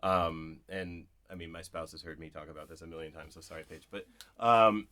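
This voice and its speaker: A man with a very low voice talks through his ideas at a live bookshop event. He is a poet, reflective and digressive, often checking in with "right?" as he builds a thought. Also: fairly even intonation, fairly quick, pushed and bright. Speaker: poet, interview guest.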